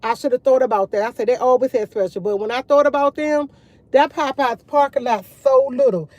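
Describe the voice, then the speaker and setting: A woman's voice: sits high, brisk, darkish tone, no echo, muffled recording. A woman chatting casually to her viewers over morning coffee, rambling and repeating herself as she tells stories. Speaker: vlogger.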